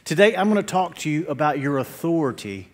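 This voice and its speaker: Pastor with a raised voice. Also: male voice, brisk. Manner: animated storytelling with jokes and quotes; drops to a low, quiet tone in prayer. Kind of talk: sermon.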